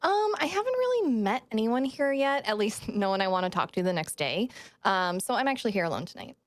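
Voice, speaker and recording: A woman's voice: on the high side, sing-song, a little fast, no echo. A woman playing in a tabletop role-play, talking in a breezy, casual, chatty way. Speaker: player.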